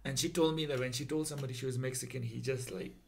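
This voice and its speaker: A man's voice: medium pitch, steady tone, rapid-fire, gravelly. Host: young man, mid-range voice, chatty storyteller, faint hiss on the track. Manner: chatty storyteller, searches for words, laughs often. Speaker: podcast host. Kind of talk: casual podcast chat.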